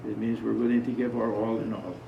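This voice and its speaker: Gravelly-voiced monk telling a spiritual story. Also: male voice, fairly low pitch, fairly even intonation, brisk, a little hiss or hum. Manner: conversational, asks the audience questions. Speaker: monk giving a spiritual talk. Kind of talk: informal spiritual talk with storytelling. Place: talk to a small gathering. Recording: roomy, distant, dull sound.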